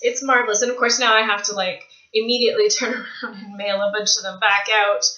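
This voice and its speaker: A Canadian woman vlogging casually from a small room at home, chatty, rambling and gushing with excitement. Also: medium pitch, fast, roomy sound, muffled recording. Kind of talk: casual vlog chat.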